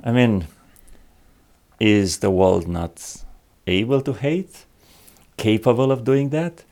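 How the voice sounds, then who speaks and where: A man talking slowly and reflectively about a Bible passage, pausing often with fillers. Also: lowish voice, dark tone. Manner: slow and reflective, many pauses and fillers. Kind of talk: Bible study discussion.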